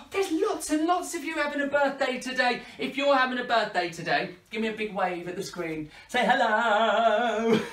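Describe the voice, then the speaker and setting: A woman hosting an interactive children's party show, playful and animated as she coaxes the kids to join in. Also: fairly high pitch, normal speed, few pauses, recorded from a distance. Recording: echoey room, voice from off-mic.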